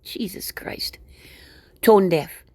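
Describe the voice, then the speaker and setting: A woman's voice: extremely slow, darkish tone, no room sound, whispered. Woman ranting sarcastically to camera. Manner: sarcastic, indignant, talks to viewers directly. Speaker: video blogger. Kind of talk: casual ranting monologue.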